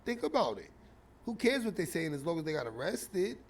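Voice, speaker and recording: A man hosting a casual commentary show, reacting to a clip with mocking, animated talk that swings between loud bursts and mumbles. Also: on the high side, a little fast.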